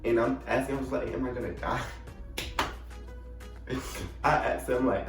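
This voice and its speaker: A man's voice: mid-range voice, animated, normal speed, reverberant, distant mic, over music. A young man casually telling a funny story about himself, acting out his own panicked quotes. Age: young adult.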